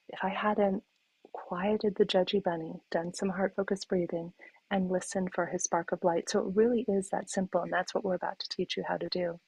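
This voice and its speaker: A woman's voice: on the low side, creaky, breathy edge, no echo, low-quality recording. A middle-aged woman hosting a livestream wellness talk, telling stories in an earnest way and acting out the voices she quotes. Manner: earnest, storytelling, animated quotes. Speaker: host and speaker.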